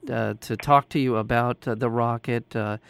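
A man's voice: medium pitch, fairly even intonation, normal speed, creaky, clear, resonant tone, no echo. A man hosting an interview, speaking hesitantly with many uhs and ums. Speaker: interview host. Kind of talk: casual interview talk.

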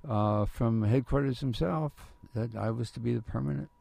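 An older man, a retired professor, telling lively anecdotes in a radio interview and acting out the voices of people he quotes. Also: mid-range voice, normal speed, vocal fry, dry recording. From Southern California. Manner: animated storyteller, acts out quoted voices. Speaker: guest storyteller.

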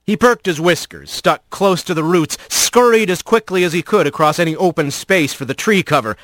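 A man narrating a storybook in an expressive, storytelling way. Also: on the high side, moderate pace, no room sound. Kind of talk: audiobook narration.

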